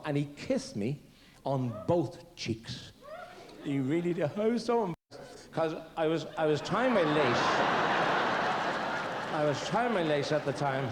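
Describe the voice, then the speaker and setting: Irish man, stand-up comedian, rambling self-mocking stories, slightly high voice, faint tape hiss. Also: darkish tone.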